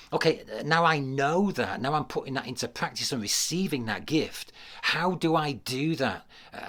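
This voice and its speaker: A man preaching a livestreamed sermon to a camera, repeating key phrases and building to loud declarations. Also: mid-range voice. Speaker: pastor. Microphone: speaking to a camera.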